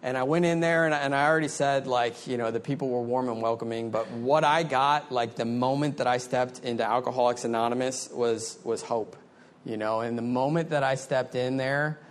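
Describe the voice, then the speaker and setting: A middle-aged man talking candidly and loosely, full of "like" and "you know". His voice sits at an ordinary mid pitch. He speaks in a relaxed, conversational way. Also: a little fast, a little hiss or hum. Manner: candid, conversational, many fillers. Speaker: speaker sharing recovery story. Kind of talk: personal storytelling.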